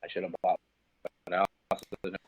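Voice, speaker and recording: Low-voiced man telling a heated, profane story. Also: monotone, fast, highs cut off, crowd noise. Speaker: interview guest, professional fighter. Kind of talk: casual phone interview.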